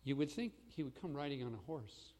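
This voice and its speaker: A man preaching a sermon as pastor, swinging between loud proclamation and hushed asides. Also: medium pitch, expressive, a little fast, big-room sound, a little hiss or hum.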